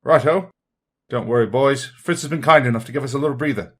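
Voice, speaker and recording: A man doing a gruff, bellowing British soldier. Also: mid-range voice, fast talker, close to an everyday voice. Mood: reassuring. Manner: bellowing from a distance. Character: gruff British soldier calling out, brisk and hearty. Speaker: actor in a script reading.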